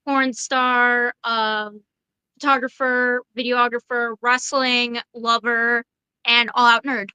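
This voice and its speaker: A young woman in her twenties with a high, bright and clean-sounding voice, speaking as a guest on a podcast. She talks in a casual, halting way, full of fillers and restarts, and the recording is dry and close. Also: little pitch movement, clear, resonant tone, no echo, rough recording. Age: 20s. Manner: hesitant, many fillers and restarts. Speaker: interview guest. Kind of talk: casual interview chat.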